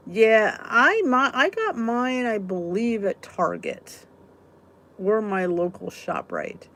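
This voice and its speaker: A woman's voice: on the high side, sing-song, slow, fairly bright tone. A woman hosting a casual live weight-loss chat, answering viewer comments in a chatty, giggly way. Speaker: weight-loss vlog host.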